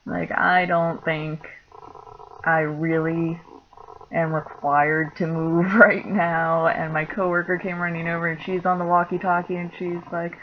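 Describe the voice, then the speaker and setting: A woman's voice: lowish voice, level tone, a little slow. A young woman telling a story in a casual vlog, chatty and laughing, with lots of filler words. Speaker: vlogger. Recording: dull lo-fi sound with faint noise.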